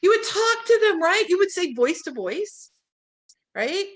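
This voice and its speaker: A woman's voice: very high voice, sing-song, a little slow. A woman teaching a real estate training class to a live audience, talking animatedly and acting out quoted phone calls.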